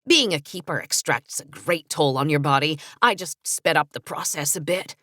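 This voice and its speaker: A woman's voice: sits low, lively intonation, normal speed, a bit bright, dry recording, clean studio sound, pitched below the performer's own voice. A woman voicing a cold, scheming male villain who taunts his captives. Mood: smug. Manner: sneering, taunting.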